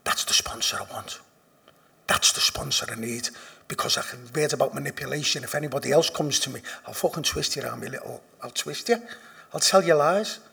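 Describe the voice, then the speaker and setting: A man with a Liverpool accent giving a personal recovery testimony, blunt and profane, dropping to a hush and then rising loud with laughter. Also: mid-range voice, quick pace, gravelly, husky. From Liverpool, England. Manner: blunt and profane, swinging from hushed confession to loud laughing emphasis. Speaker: speaker sharing at a recovery meeting.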